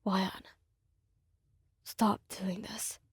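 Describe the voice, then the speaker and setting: A woman's voice: mid-range voice, little pitch movement, drawn-out words, slightly rough, no room sound, studio quality, voice pushed down, exaggerated voice. Woman playing the hurt listener in a breakup ASMR story; trembling, defiant. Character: heartbroken young adult listener, trembling.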